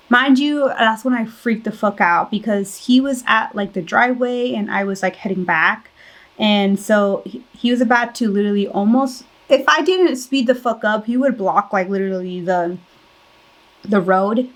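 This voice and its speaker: A woman in her twenties telling a personal story in a casual vlog, chatty, with frequent "like", restarts and casual swearing. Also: medium pitch. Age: 20s. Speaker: vlogger.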